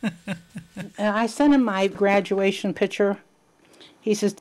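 An older woman reminiscing in a documentary interview, speaking haltingly and repeating words when she is moved. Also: mid-range voice, steady tone, a little mellow. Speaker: widow recalling wartime letters.

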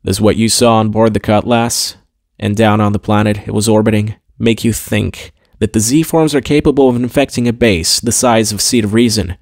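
A man's voice: fairly low pitch, steady tone, normal speed, hardly any pauses, dry recording, clean studio sound, close to an everyday voice. A man voicing a blunt, impatient male admiral in an audiobook, curt and brooding. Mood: terse. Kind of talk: audiobook character voice.

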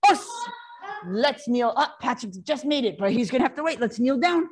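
A woman karate instructor leading a children's class, calling commands and counting in Japanese, encouraging but gently firm. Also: on the high side, lively intonation, normal speed, a little hiss or hum.

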